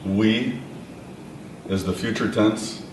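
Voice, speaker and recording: A man teaching a language lesson, patiently repeating words slowly for his learners. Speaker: language instructor. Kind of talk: classroom lesson. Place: classroom or lecture room. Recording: echoey room, mic at a distance, faint rumble.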